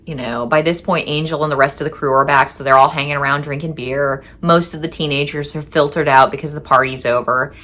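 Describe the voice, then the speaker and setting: A woman's voice: low-pitched, steady tone, brisk, hardly any pauses, a bit bright. A woman telling a candid first-person story in a chatty way, acting out what she said back then and cursing now and then. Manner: chatty and candid, swearing, reenacting her own past lines. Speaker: storyteller recounting her past.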